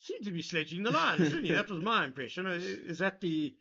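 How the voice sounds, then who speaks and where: A man giving live cricket commentary, measured and analytical, chatting with his co-commentator. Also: sits high, very animated, creaky, pushed and bright. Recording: lo-fi broadcast sound.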